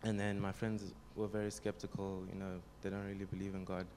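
Young man telling a testimony in a low, flat voice. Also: fairly quick, slight background noise. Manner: plain, storytelling, frequent ums. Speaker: congregation member giving a testimony. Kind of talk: spoken testimony.

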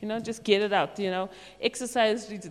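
A chatty woman giving a relaxed youth talk on faith, her voice at an ordinary middle pitch. She throws herself into little acted-out quotes and loose asides. Her voice carries a long echo through a large hall. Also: fairly quick. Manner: chatty, animated, acts out quotes and laughs.

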